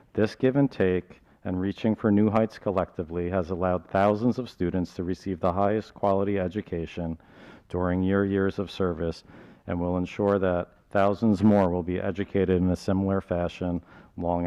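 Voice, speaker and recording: Man, very low voice, formal measured tribute reading, school board meeting. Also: dark tone, highs cut off. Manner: formal, measured, with a light joke at the end. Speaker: speaker for the local teachers' association. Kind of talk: reading a prepared tribute speech.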